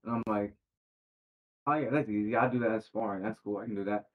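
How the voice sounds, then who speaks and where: A professional boxer talking as a podcast guest in a laid-back, slangy way, full of fillers. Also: male voice, on the low side, steady tone, fast talker. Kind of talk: casual interview chat. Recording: tinny phone-like sound.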